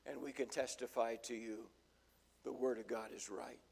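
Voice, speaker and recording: A man's voice: medium pitch, fairly even intonation, normal speed, creaky, darkish tone, breathy edge. An older man preaching a sermon in a folksy, storytelling way, acting out the voices in his stories. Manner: folksy storytelling, acts out quotes. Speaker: pastor.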